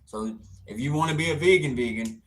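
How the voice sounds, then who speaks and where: A man's voice: medium pitch, brisk, a bit bright. A young man hosting an outdoors livestream, answering viewer comments in a brash, teasing, profane way with frequent laughter.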